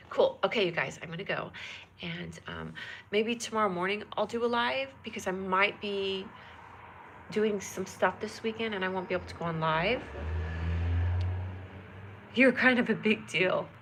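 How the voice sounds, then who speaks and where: A woman's voice: mid-range voice, moderate pace, long pauses, a bit bright, slight background noise. A woman hosting a casual phone live stream, bubbly and giggly, chatting with viewers and reading their comments aloud. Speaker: livestream host. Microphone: phone camera.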